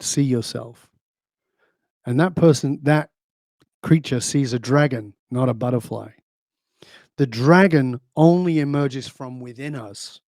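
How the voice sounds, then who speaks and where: A man's voice: mid-range voice, darkish tone, dry recording, studio quality. A man being interviewed as a leadership speaker, talking emphatically, telling stories and asking rhetorical questions. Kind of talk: conversational interview.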